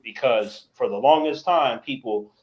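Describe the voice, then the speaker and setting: A man in relaxed, joking conversation with a friend. He tells a story and now and then slips into voices to act out imagined scenes. The stream audio sounds dull and lo-fi. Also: mid-range voice, measured pace. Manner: jokey, acts out scenes in put-on voices. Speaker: co-host. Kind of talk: casual chat.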